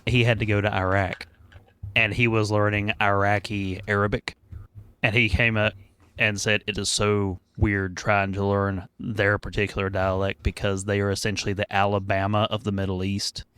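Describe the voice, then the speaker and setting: A man co-hosting a casual podcast chat, telling stories in a relaxed way with small fillers. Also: on the low side, moderate pace, clear, resonant tone, no echo. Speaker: podcast co-host.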